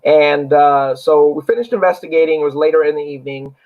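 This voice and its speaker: A man's voice: a little high, fairly quick. A man, an actor and paranormal investigator, telling a story in a casual interview in an earnest, rambling way with many fillers. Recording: dull lo-fi recording.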